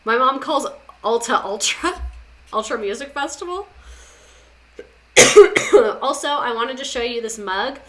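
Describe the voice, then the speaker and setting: Young woman podcast host, casual sarcastic chatter with a bright, sharp tone. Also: a little high, lively intonation, a little slow, pauses often. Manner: chatty, sarcastic, repeats words for comic effect. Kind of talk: casual chat reading listener stories.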